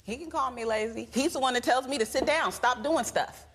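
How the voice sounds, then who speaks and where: A woman's voice: high voice, fairly quick, a bit bright, a little hiss or hum. A woman on a TV court show, telling her side of a story with animation and acting out the voices in it. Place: TV studio courtroom.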